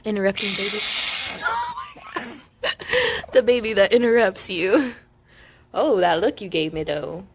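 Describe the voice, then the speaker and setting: A woman's voice: mid-range voice, normal speed, noisy background. A young woman vlogging at home, cooing baby talk to her infant between casual chat with viewers. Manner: gushing baby talk with frequent giggles.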